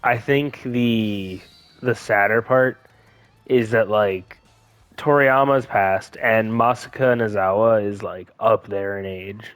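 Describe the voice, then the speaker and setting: A man's voice: on the low side, slow pace, clean tone, no echo, soft background music. A young man chatting casually as a gaming co-host, telling an anecdote and acting out the quoted voices. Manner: animated storyteller, acting out quotes. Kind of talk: casual chat.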